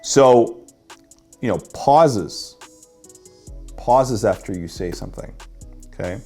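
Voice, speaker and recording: A man's voice: on the low side, animated, slow pace, vocal fry, warm tone, slightly rough, faint music behind. A man teaching a workshop as a dating coach, explaining and demonstrating how to deliver lines.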